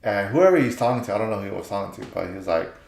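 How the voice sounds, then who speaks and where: A man's voice: on the low side, expressive, rapid-fire, creaky, darkish tone. A man telling work stories in a casual monologue, blunt and rambling, swearing freely.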